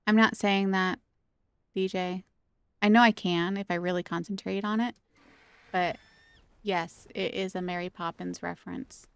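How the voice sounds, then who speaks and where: A woman's voice: lowish voice, fairly even intonation, unhurried, gravelly, pauses often, clear, resonant tone, no room sound. A woman streaming a video game, chatting casually and playfully with her viewers and laughing often. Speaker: gaming streamer.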